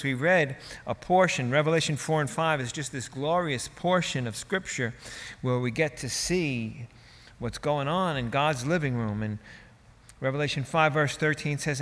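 A male pastor preaches a dramatic, emphatic sermon, his volume ranging from hushed to booming. A long reverb tail trails after his words.

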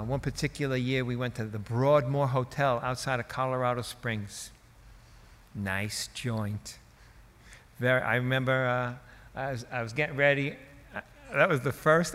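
A man's voice: mid-range voice, moderate pace, fairly bright tone, long reverb tail. A male preacher telling a story in a sermon, in a conversational, folksy way with asides.

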